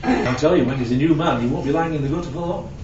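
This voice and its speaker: A man preaching in a relaxed, chatty way, checking in with his listeners and telling little stories. His voice sits a bit high and carries through a roomy hall. The recording is distant and dull, with faint ambience behind it. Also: fast talker, noisy background. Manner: conversational, asks the audience questions and tells anecdotes. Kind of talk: sermon.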